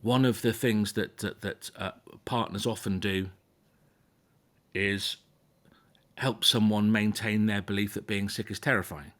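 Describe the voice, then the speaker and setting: Patient, low-voiced man explaining. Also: steady tone, unhurried, fairly bright tone. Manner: patient, explanatory, checks in with "okay?"; frequent restarts and repeated words. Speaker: phobia therapist. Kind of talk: explaining to a guest in conversation.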